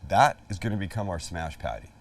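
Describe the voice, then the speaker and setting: A man's voice: low-pitched, expressive, a little fast. Male cooking host, casual and self-mocking, slightly distant mic pickup. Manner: jokey, chatty, self-deprecating. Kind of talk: live cooking demonstration.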